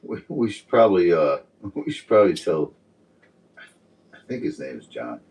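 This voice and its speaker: A man's voice: low voice, very animated, moderate pace, a little mellow, recorded from a distance, rough recording. A man co-hosting a podcast in casual chat, laid-back, with short replies and casual swearing. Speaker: podcast co-host.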